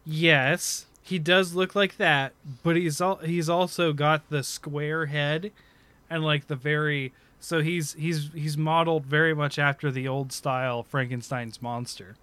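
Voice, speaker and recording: A man's voice: on the high side, steady tone, unhurried, sharp tone, clean tone, no echo. A man co-hosting a casual gaming chat, rambling and correcting himself, laughing often. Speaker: podcast co-host.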